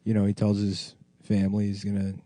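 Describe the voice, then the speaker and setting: A man co-hosting a crude comedy podcast, riffing absurd dark jokes in a deadpan way and slipping into mock narration. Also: lowish voice, fairly quick, dry recording. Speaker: podcast co-host.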